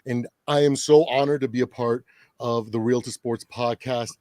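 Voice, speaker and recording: A man's voice: mid-range voice, fairly even intonation, moderate pace, a little mellow, no echo, studio quality. A man from Canada who hosts a sports podcast, introducing himself in an upbeat, promo-style way. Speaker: podcast host.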